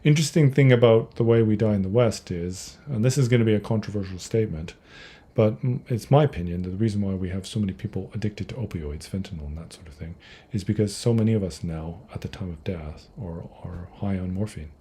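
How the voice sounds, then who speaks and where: A man's voice: fairly low pitch, fast, dark tone, slightly rough. A man teaching Buddhism on a livestream Q&A, answering viewer questions in a conversational, digressive way, often restarting his sentences. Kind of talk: livestream Q&A talk.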